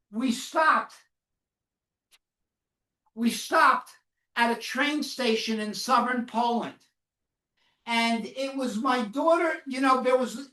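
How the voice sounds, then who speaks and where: Woman, high voice, unhurried. Solemn first-person testimony to students with audience questions. Mic far off in an echoey room. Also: fairly bright tone. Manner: questions the audience often and waits for answers; slow, solemn storytelling. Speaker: Holocaust educator speaking to students. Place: classroom or lecture hall.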